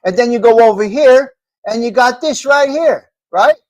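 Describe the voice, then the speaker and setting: A man's voice: very high-pitched, normal speed, darkish tone, highs cut off. A man with a New York accent hosting a live talk show, rambling and repeating himself with some swearing. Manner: rambling and repetitive, profane. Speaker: host.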